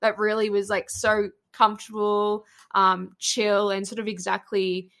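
A woman's voice: mid-range voice, completely flat delivery, unhurried, a bit bright. A woman interviewing in a casual chat, talking with lots of "like" and laughing often. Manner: chatty, laughing, filler-heavy.

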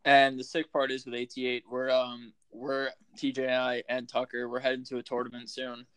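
A man's voice: medium pitch, completely flat delivery, normal speed, fairly bright tone, clean tone, dry recording. Loose, laughing podcast host man. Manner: loose, profane, laughs often. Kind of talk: casual podcast chat.

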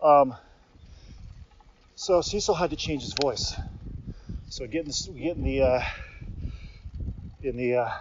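A man's voice: mid-range voice, takes it slowly, long pauses. A male podcast host rambling casually with many tangents and laughs while cycling on a riverside path, recorded on a portable recorder. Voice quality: chatty, tangent-prone, laughs often. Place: outdoors on a riverside bike path. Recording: lo-fi with loud wind noise.

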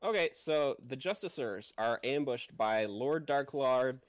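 A man casually pitching the characters of his script to friends, laughing often and talking quickly in asides. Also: expressive, no echo. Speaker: script writer and narrator. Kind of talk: casual chat at a table read.

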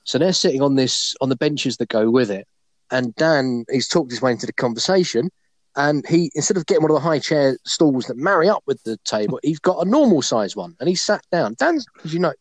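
A man's voice: mid-range voice, animated, fairly quick, no echo. A man hosting a podcast, telling a bawdy anecdote in a casual, laughing way. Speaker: podcast host. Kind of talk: casual storytelling.

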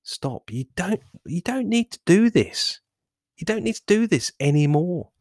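A man's voice: sits high, sing-song, unhurried, darkish tone, dry recording, studio quality, pitched above the performer's own voice, heavily acted. A man voicing a coaxing male inner voice that tempts a rower to quit, in a wheedling, soothing tone, on a podcast. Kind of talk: podcast monologue.

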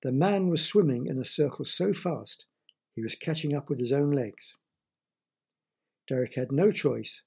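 A man's voice: medium pitch, unhurried, creaky, pauses often, a little mellow, husky. A man reading a children's story aloud, with playful asides to the listener.

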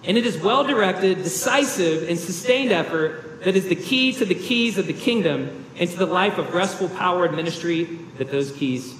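High-voiced preacher man in echoey hall. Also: animated, normal speed, hardly any pauses, a bit bright, slight background noise. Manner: earnest, emphatic preaching with rhetorical questions. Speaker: pastor. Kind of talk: sermon.

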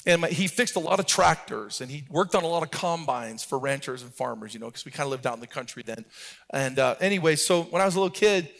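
A middle-aged pastor with a high-pitched, gravelly voice preaches from the pulpit, talking fast. He relates stories casually before rising into a sung, rhythmic preacher's cadence, sounding entirely like a sermon.

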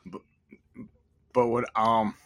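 A man's voice: mid-range voice, level tone, slow pace, a bit bright. A man co-hosting a podcast in casual chat, rambling and swearing a lot, with filler words everywhere. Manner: profane, rambling with many "like"s and "dude"s. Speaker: podcast co-host.

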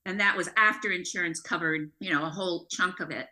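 A woman's voice: fairly low pitch, fairly even intonation, a little fast, pushed and bright. A woman co-hosting a podcast, explaining family recovery steps in an earnest, coaching way. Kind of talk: casual podcast discussion.

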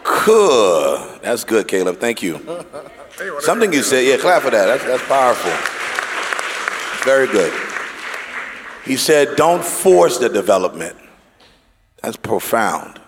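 A man leads a church panel and keeps the talk moving with quick jokes and playful accent bits. His voice carries through a large hall with a long reverb tail. A crowd murmurs faintly behind him. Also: medium pitch. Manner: animated, joking, mimics accents for laughs.

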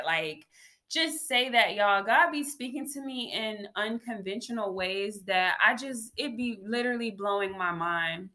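A woman vlogger sharing a faith testimony in a casual, animated way, often calling her viewers y'all. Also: mid-range voice, measured pace.

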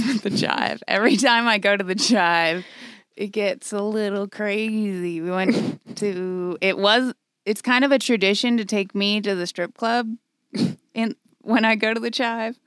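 Woman on a podcast, smooth clear voice, rambly and sweary, dry mic. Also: medium pitch, a bit bright, no room sound. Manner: rambling, laughs, swears freely. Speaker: podcast co-host. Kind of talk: casual chat.

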